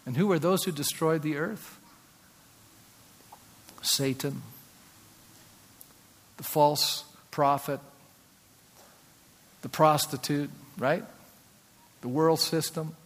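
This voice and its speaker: A man's voice: fairly high pitch, steady tone, slow pace, pauses often, big-room sound. A man preaching a sermon as pastor, speaking emphatically and acting out quotes, recorded in a church sanctuary.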